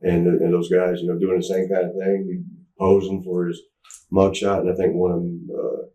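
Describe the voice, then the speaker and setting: A man's voice: low voice, completely flat delivery, moderate pace, warm tone. A middle-aged man telling a rambling, stop-start story in a candid interview. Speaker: interview guest. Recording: echoey room, distant mic.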